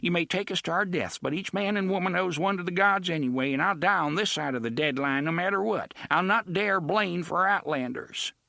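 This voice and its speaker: A man's voice: high-pitched, brisk, creaky, few pauses, sharp tone, no room sound, studio quality, voice pushed up, full character voice. A man reading aloud, voicing a frightened, grave old woman who gives solemn warnings in old-fashioned speech.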